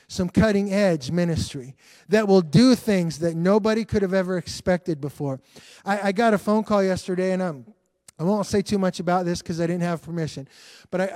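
A man's voice: sits high, darkish tone, no echo. A man preaching an earnest livestreamed sermon as pastor, repeating phrases and restarting sentences. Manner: earnest, repetitive, restarts often.

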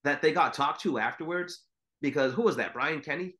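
A man's voice: a little high, fairly quick, bright, forceful tone. A man co-hosting a podcast, chatting casually and rambling with swearing. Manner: rambling, swears, mimics commentators. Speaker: podcast co-host. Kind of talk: casual chat.

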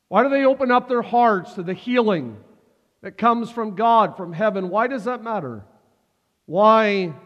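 A man with a high voice preaching in a church sanctuary, stacking repeated questions and call-and-response lines as he builds. His sound is a little dull, and a long reverb trails each phrase through the hall. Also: fairly bright tone. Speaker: pastor. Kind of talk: sermon.

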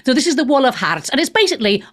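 A middle-aged woman from Wales hosting a talk radio show, sarcastic, profane and animated as she rants into a studio mic. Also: high-pitched, rapid-fire.

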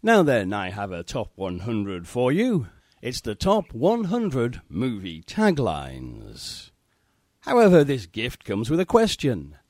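A man's voice: mid-range voice, huge pitch swings, darkish tone, no echo, studio quality. A man reading a prepared, articulate message of congratulations and questions to a podcast. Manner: measured, articulate, fond. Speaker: listener sending voice feedback.

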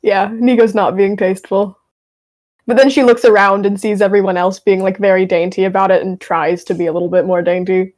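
Chatty woman player, mid pitch. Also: level tone, a little fast, darkish tone. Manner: chatty, giggly. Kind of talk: tabletop game play.

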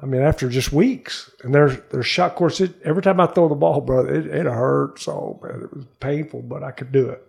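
A man's voice: medium pitch, fairly quick, few pauses, darkish tone. A man from Texas, an interview guest and former pro baseball player, telling a personal faith story in an earnest, emotional way. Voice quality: gravelly, husky. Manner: earnest, emotional, acts out quoted voices. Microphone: studio mic.

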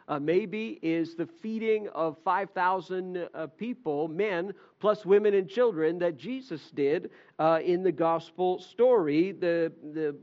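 A pastor preaches a sermon in a high, light male voice. He retells the gospel story with animation and slips into the voices of the disciples. The recording is slightly dull and muffled.

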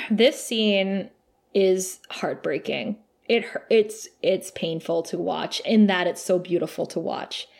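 A woman's voice: lowish voice, takes it slowly, gravelly. A woman co-hosting a casual podcast, recapping a TV episode in an emotional, gushing way and laughing often. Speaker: podcast co-host.

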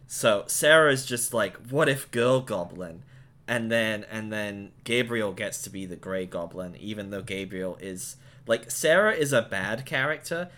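A man co-hosting a podcast, his voice sitting a bit low. He sums things up in casual chat with a wry, sarcastic edge. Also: a bit bright. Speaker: podcast co-host.

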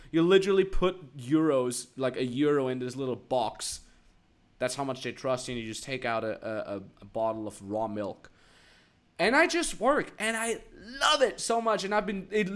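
A man hosting his own podcast as a business coach, delivering a motivational rant that swings from hushed asides to loud emphatic bursts and stacks repeated phrases. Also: a little high.

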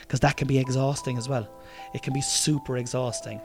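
A man's voice: mid-range voice, steady tone, brisk, darkish tone. Tired irish guy chatting on his podcast, swears a lot, trails off and restarts, bit of music behind. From Ireland. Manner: rambling, swearing, restarts mid-sentence. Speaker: podcast host. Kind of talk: casual solo podcast diary.

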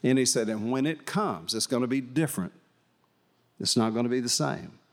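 A man's voice: mid-range voice, expressive, normal speed, vocal fry. Folksy older man telling a sermon story. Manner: folksy, emotional testimony with many fillers and restarts. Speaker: preacher.

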